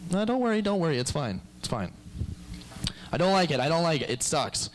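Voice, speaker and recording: A young man performing a stand-up comedy set, rambling from bit to bit with crude, self-deprecating jokes. His voice sits a little high for a man. The delivery is loose and conversational. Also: sing-song, a little fast, slight background noise, poor audio.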